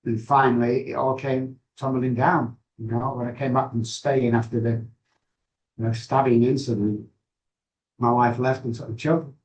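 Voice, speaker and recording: A middle-aged man speaks as an interview guest, and his voice sits at an ordinary mid pitch. He tells his story frankly and haltingly, pausing and restarting his sentences. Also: little pitch movement, low-quality recording. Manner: candid, halting, with frequent pauses and restarts. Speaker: guest, addiction recovery expert.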